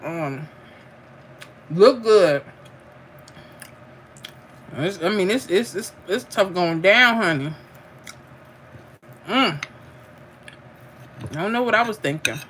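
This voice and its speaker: A woman's voice: fairly low pitch, animated, slow pace, pauses often, a bit bright, slight background noise. A middle-aged woman, chatting casually while she eats on a home livestream and reads out viewer comments, laughing and calling people "honey". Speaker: livestream host.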